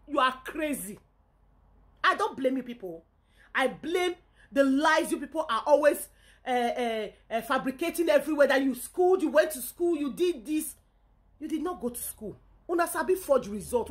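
A woman's voice: high-pitched, expressive, moderate pace. A Nigerian woman from Edo State ranting in a reaction video, indignant and scolding, often repeating herself. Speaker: vlogger.

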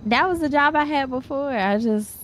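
A woman's voice: sits high, moderate pace. Laid-back woman in roleplay chat. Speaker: fellow roleplay player.

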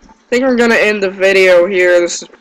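A man's voice: high voice, a little fast, fairly bright tone, smooth, rough recording. A man giving gameplay commentary, yelping in panic and groaning at his own mistakes. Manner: panicky yelps and self-deprecating groans. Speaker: let's play gamer.

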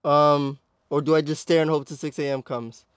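A young man streaming a horror game, chatting casually with viewers, anxious and excitable. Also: a little high, moderate pace, clean tone, no room sound. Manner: anxious, excitable, talks to chat. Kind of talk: casual live-stream commentary.

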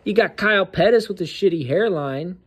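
Casting: male host, casual commentary, mocking and slangy, slightly high voice. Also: lively intonation, brisk, husky.

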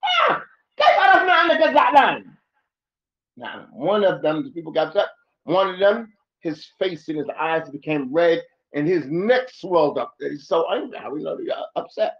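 A man's voice: fairly high pitch, expressive, normal speed, reverberant. A man teaching a lesson in a mosque, switching between Arabic and English and acting out angry people. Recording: dull lo-fi recording.

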